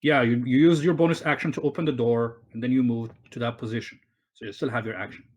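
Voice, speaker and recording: Male game master on an online call, mid-pitched, rambling, filler-heavy narration. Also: steady tone, fast talker. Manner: rambling, with many fillers and restarts.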